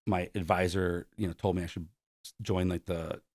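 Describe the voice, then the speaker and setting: A man's voice: low voice, little pitch movement, normal speed, a little mellow, dry recording, clean studio sound. A man in his forties from Buffalo, a concert promoter telling stories as a guest. He acts out the quoted dialogue and leans on "like" a lot. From Buffalo, New York. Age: 40s. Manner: heavy use of "like". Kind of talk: storytelling interview.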